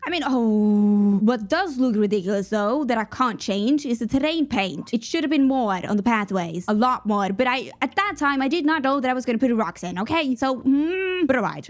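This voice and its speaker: Giggly woman with a Norwegian accent. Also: a little high. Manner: chatty, giggly, rambling off on tangents. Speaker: gaming video creator. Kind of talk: casual let's-play commentary.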